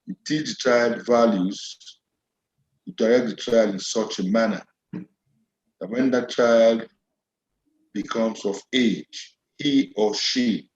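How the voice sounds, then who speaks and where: A man answering interview questions as a guest medical officer, measured and earnest. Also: medium pitch, darkish tone. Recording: dull, echoey line with faint noise.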